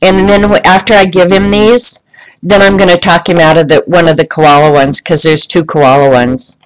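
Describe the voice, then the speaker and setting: A woman's voice: on the low side, steady tone, moderate pace, low-quality recording. A woman chatting casually on a livestream from a room at home, rambling and talking to viewers by name. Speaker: vlogger showing travel souvenirs.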